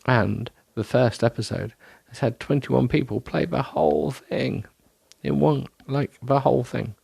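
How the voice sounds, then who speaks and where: A man's voice: medium pitch, moderate pace, vocal fry, darkish tone, husky, no echo. A man hosting a solo podcast, rambling in a self-deprecating way with many ums and restarts, sounding tired. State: tired, yawning. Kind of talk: rambling casual monologue.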